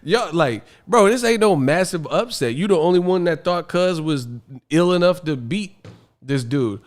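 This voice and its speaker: A man's voice: sits high, lively intonation, normal speed. A man hosting a boxing livestream, ranting casually in an exasperated, slangy way and laughing often. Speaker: boxing stream host.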